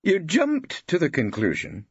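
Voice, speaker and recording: A man voicing a courteous, elderly judge who speaks slowly and earnestly from the bench. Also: fairly high pitch, huge pitch swings, breathy edge, no echo, pitched above the performer's own voice, exaggerated voice. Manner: slow, courteous, shocked. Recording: dull dry studio audiobook.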